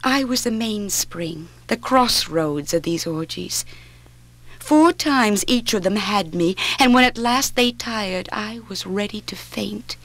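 An actress voices a young woman telling of her own ordeal, steady and grave, for a spoken-word drama recorded in the 1960s. She speaks slowly at a medium pitch.

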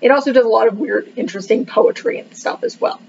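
A woman's voice: a little high, very animated, quick pace, creaky, darkish tone, slight background noise. A woman casually reviewing a book, rambling with many fillers and joking that she cannot pronounce the words. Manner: self-deprecating about pronunciation. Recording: dull lo-fi recording.

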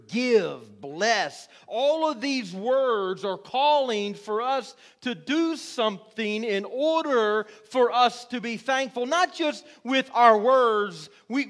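A middle-aged male pastor preaching a sermon in church, repeating his words and building to shouts. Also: very high-pitched. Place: church sanctuary.

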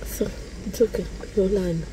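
A young woman from Uganda talking casually to her phone camera in a vlog, chatty and often sliding into soft half-whispered asides. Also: medium pitch, steady tone, moderate pace, background noise. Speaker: vlogger.

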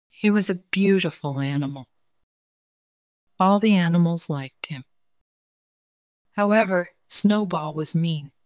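Slow, low-voiced woman reading bedtime stories. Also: a little mellow, no room sound, studio quality. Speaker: storyteller.

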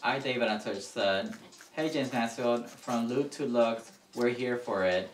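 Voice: mid-range voice, measured pace, recorded from a distance, heavy background noise. An off-camera helper reading viewer chat comments aloud in a plain, matter-of-fact way. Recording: roomy, off-mic from across the room.

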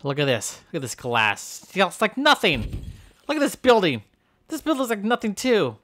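A man's voice: high-pitched, huge pitch swings, moderate pace, exaggerated voice. A man doing a bragging goofy strongman. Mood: boastful. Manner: bragging, shouty, childish jokes. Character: boastful goofy male strongman destroying buildings. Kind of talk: comedic game character voiceover.

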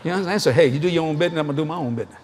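A man's voice: a little high, rapid-fire, breathy edge. A middle-aged man preaching a sermon at a convention, telling folksy stories and acting out the dialogue. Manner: folksy storytelling, acts out dialogue, laughs often. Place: large convention hall, live audience.

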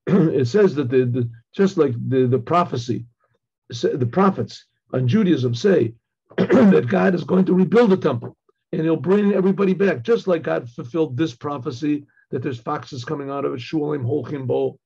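An older man, a rabbi, giving a Torah class, telling a story in a halting way with many restarts and frequent throat clearing. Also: a little high, warm tone, dull audio. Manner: halting, repeats words, clears throat often. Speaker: rabbi teaching.

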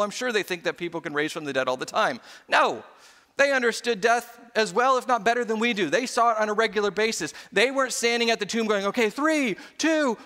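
Man, pastor, sermon, high voice, long hall reverb. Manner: animated, acts out quoted voices. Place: church sanctuary.

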